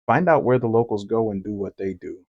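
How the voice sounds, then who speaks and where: A man's voice: lowish voice, a little fast, no room sound, muffled recording. A man hosting a reaction commentary and giving his opinions conversationally, with lots of "you know" fillers. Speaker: commentary host reacting to clips.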